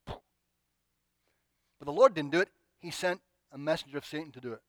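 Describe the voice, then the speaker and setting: A man preaching a sermon, acting out pleading prayers with expressive, dramatic delivery. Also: on the high side, normal speed, no echo.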